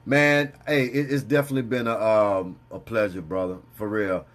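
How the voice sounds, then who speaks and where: A man's voice: lowish voice, fairly even intonation, normal speed. A man hosting a casual interview, easygoing, often restarting his words and tagging "man" onto them. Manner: stammering restarts, easygoing, says "man" a lot. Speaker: podcast host.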